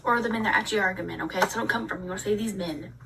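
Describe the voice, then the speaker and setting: A woman vlogger ranting in a casual, animated way, telling a story with dramatic asides. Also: medium pitch, rapid-fire, gravelly, far from the mic, slight background noise, low-quality recording. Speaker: book reviewer vlogger. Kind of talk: casual rant.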